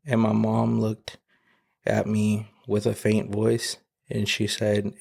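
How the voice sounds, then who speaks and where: A man shares a personal testimony in a low, flat, gravelly voice with a husky edge. He talks haltingly, full of fillers and restarts, and he is close to tears. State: emotional, near tears. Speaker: podcast guest.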